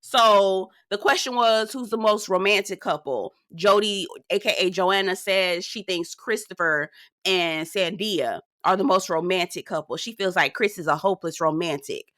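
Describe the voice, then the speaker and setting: Sassy, chatty woman with a bright voice. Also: no echo, clean studio sound. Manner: sassy, chatty, calls the viewer "girl"; animated, swinging up high for emphasis. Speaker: reality TV reviewer. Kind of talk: casual recap commentary.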